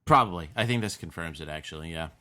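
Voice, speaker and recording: A man co-hosting a sports podcast, talking in casual chat with dry, deadpan sarcasm. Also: low-pitched, quick pace, no echo. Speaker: podcast co-host.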